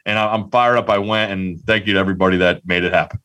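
A man co-hosting a casual sports podcast, telling a story excitedly with lots of restarts. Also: sits low, fast, clean tone. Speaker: podcast co-host.

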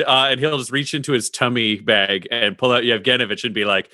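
A man playing a character in a tabletop role-playing game, talking in quick cheerful bursts. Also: medium pitch, steady tone, pushed and bright, dry recording, clean studio sound. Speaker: player.

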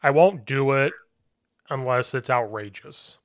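A man's voice: medium pitch, measured pace, no room sound, studio quality. A man who coaches football, chatting casually on a podcast and telling stories with acted-out quotes. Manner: animated storyteller, acts out shouted quotes.

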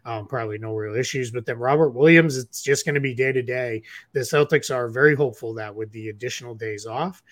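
A man's voice: medium pitch, a little fast, hardly any pauses. A man with a Boston accent co-hosting a basketball podcast, explaining news in a casual, filler-heavy way. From Boston area. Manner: explanatory, frequent fillers and restarts. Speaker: podcast co-host, basketball analyst. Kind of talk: casual sports chat.

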